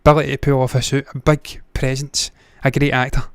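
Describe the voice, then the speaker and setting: A man's voice: medium pitch, little pitch movement, fairly quick, clean tone, dry recording, clean studio sound. A man hosting a movie news livestream, giving blunt, opinionated takes with frequent swearing. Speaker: movie news show host. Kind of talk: casual livestream commentary.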